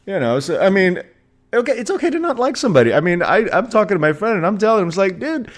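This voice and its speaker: A man's voice: high-pitched, very animated, quick pace. Rambling profane man in his forties. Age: 40s. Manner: rambling, profane, frequent restarts and laughs. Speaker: podcast host. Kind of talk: casual solo podcast rant.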